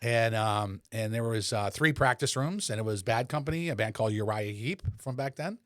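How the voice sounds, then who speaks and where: A man in his sixties, a podcast guest and former rock bassist, telling relaxed, rambling anecdotes with lots of fillers. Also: normal speed, dry recording, studio quality. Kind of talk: casual conversational storytelling.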